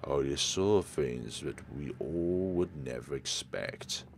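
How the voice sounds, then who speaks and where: A man voicing an eerily calm male student in a horror game. He speaks his lines in a low, subdued voice. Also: slow, vocal fry, a little hiss or hum, full character voice.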